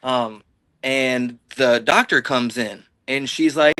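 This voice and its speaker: A man's voice: mid-range voice, fairly even intonation, unhurried, sharp tone, no room sound. A man from the Illinois-Iowa border telling a long personal story in casual, rambling, profane talk, acting out what people said. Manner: rambling, profane, acts out quoted dialogue. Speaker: podcast guest.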